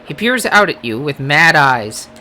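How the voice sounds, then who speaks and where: Lively, sing-song gamer voice narrating game cards with game music underneath. Reads the story text, then drifts into unsure little asides and corrects itself mid-sentence. Home-recorded let's play. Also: mid-range voice, measured pace. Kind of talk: reading game text aloud with casual asides.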